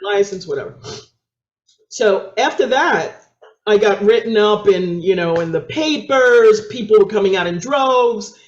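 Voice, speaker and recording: Animated storytelling woman, echoey room. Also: a little slow. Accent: New York. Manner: acts out quoted voices with big pitch jumps, laughs often. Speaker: interview guest. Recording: echoey, dull lo-fi sound.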